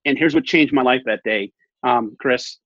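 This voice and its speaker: A man in his thirties, interviewed as a guest, casually recounts his weight-loss story in an animated way, acting out quoted dialogue and repeating phrases. His mid-range voice moves at a moderate pace with no echo, though the audio is muffled and lo-fi.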